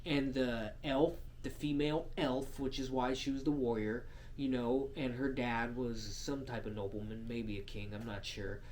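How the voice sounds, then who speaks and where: Profane, animated podcast storyteller, a man. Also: medium pitch, moderate pace, a little hiss or hum. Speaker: podcast co-host. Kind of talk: casual chat.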